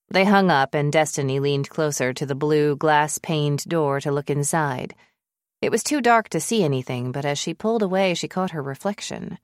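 A woman with a deep voice narrates a scripted audiobook in a measured, even storytelling style. She's recorded close on a studio mic, and the sound is dry.

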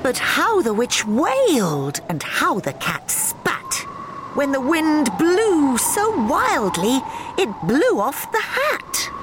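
A woman narrating a children's storybook aloud in a lively, sing-song rhyming delivery. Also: sits high, slow, background noise. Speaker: audiobook narrator. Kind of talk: expressive storybook read-aloud.

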